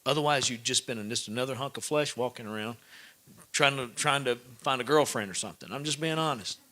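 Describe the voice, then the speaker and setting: A man's voice: mid-range voice, a little fast, sharp tone. A man speaking at a live event, giving blunt, preachy advice and checking that his listeners follow.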